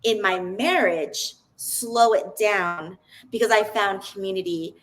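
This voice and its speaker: A woman's voice: medium pitch, slow pace, fairly bright tone, low-quality recording. A woman, a podcast guest, telling her personal story in an earnest, open way, often restarting her sentences.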